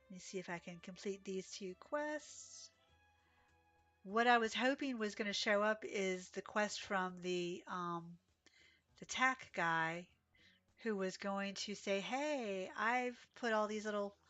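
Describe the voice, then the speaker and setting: A woman's voice: medium pitch, slow, a bit bright, soft background music. A woman live-streaming a horse game, chatting casually with viewers, sleepy and yawning, with little gasps and exclamations. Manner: chatty, reads chat aloud, gasps and exclaims.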